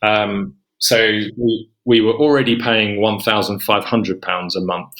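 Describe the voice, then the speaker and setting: A man in his forties from England tells a long personal story as a podcast guest. His voice sits on the low side, and he rambles casually, slipping into lifted voices when he quotes what he and others said. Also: fairly even intonation, a little slow, a bit bright. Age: 40s.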